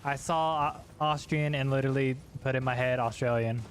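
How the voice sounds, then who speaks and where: A man's voice: mid-range voice, fairly even intonation, normal speed, slight background noise. A young man casually chatting while streaming a video game, rambling, swearing and laughing at himself. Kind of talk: casual gaming chat.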